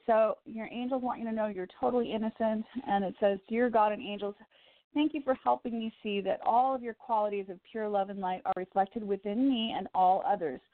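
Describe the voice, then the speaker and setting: A Chicago woman hosts a call-in radio show as a psychic reader, giving callers encouraging angel card readings in a warm, chatty, reassuring way with laughs. Her mid-range voice is fairly even and brisk, over a tinny, dry phone line with no room sound.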